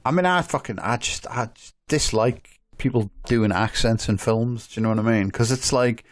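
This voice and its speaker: A man's voice: medium pitch, normal speed. A man co-hosting a podcast in casual chat, rambling with lots of swearing and filler words. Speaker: podcast co-host.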